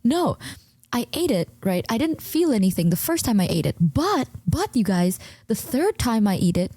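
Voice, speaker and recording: Young woman, streamer, quiet voice, animated storytelling, mellow tone, dry close sound. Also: on the high side, normal speed, no room sound. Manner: hushed, quiet, keeps voice down; animated, stammering imitations of herself. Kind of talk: casual storytelling to stream chat. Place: at home, indoors.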